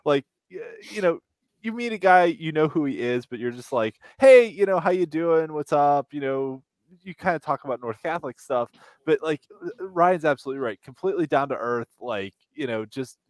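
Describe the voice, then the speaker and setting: A man's voice: on the high side, expressive, normal speed, dry recording. A man co-hosting a podcast, chatting in an easygoing way full of filler phrases. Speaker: podcast co-host. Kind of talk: casual chat.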